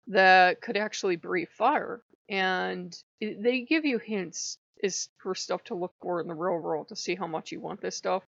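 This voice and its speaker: Woman, vocal fry, rambling casual storytelling, dull lo-fi recording, dry sound. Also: medium pitch, normal speed, hardly any pauses, a bit bright, no echo. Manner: rambling, retells conversations in quotes. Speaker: spiritual vlogger.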